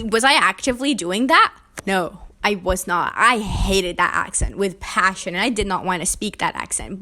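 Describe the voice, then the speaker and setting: A woman's voice: mid-range voice, pushed and bright. A young woman from an Arabic-speaking country, talking frankly in a casual opinion vlog with chatty, self-deprecating asides. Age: young adult. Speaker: vlogger.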